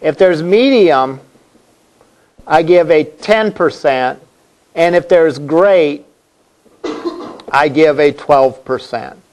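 A man's voice: a little high, slow pace, long pauses, a little mellow. A male college instructor giving a classroom lecture in a conversational way, asking the class questions as he goes.

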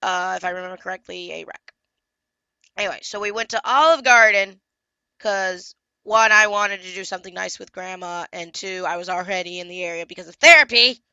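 Bright-voiced young woman ranting. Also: medium pitch, a little fast, clear, resonant tone, dry recording, highs cut off. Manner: exasperated, swearing, venting. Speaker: comic book colorist and vlogger. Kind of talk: casual vlog rant.

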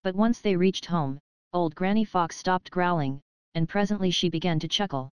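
A woman narrating a children's animal storybook audiobook in an even, measured reading. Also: lowish voice, smooth, dry recording, muffled recording.

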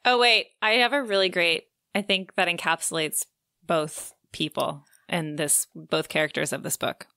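A woman's voice: lowish voice, fairly even intonation, normal speed, gravelly, pushed and bright, dry recording. A woman co-hosting a book podcast, chatting casually with lots of "like" and frequent laughs. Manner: chatty, many "like" fillers, laughs often. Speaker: podcast co-host.

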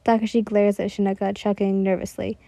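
A woman reading a story aloud in soft, even narration, her voice rather high but dark and mellow. She sits close to the mic in a dry, dead space with no echo. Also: moderate pace. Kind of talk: storybook reading of fan fiction.

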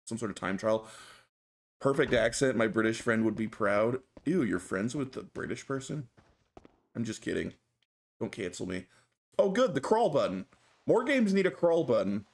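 Playful, animated male game streamer. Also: mid-range voice. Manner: playful and joking, with lively reactions. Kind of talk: casual game commentary.

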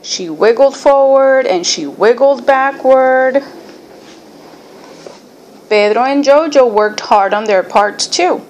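A woman reading a children's picture book aloud in an expressive storybook manner. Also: high voice, a little hiss or hum. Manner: expressive, unhurried. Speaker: storybook reader.

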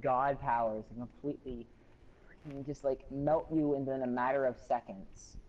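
A man's voice: mid-range voice, steady tone, moderate pace, darkish tone. Young man on a dull lo-fi mic. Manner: hesitant, hedging asides. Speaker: co-host. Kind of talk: casual fan debate chat. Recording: dull lo-fi mic with faint hiss.

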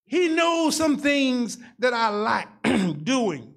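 A man's voice: very high-pitched, sing-song, extremely slow, creaky, fairly bright tone. A man in his sixties preaching a sermon as pastor, in a folksy, rhythmic style that repeats phrases and calls for responses from the congregation. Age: 60s.

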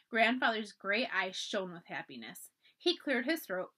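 A woman reading a children's storybook aloud for a library, with expressive, animated narration. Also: mid-range voice, measured pace.

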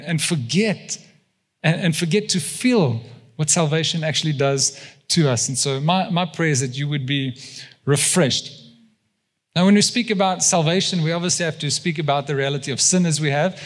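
A man's voice: high voice, in a large hall. A South African man preaching a sermon as pastor, emphatic, tossing questions to the congregation. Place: church hall.

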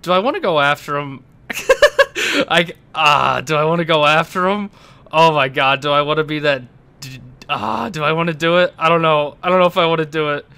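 A young man giving casual, excitable commentary over his own gameplay, laughing often and talking to himself. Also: a little high, brisk, creaky, smooth. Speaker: gaming YouTuber.

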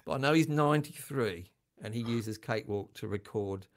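Older guy chatting on a livestream, gravelly voice, jokes at his own expense, laughs a lot. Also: lowish voice, normal speed. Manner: chatty, self-deprecating, laughs often. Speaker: channel host. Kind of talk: casual livestream chat.

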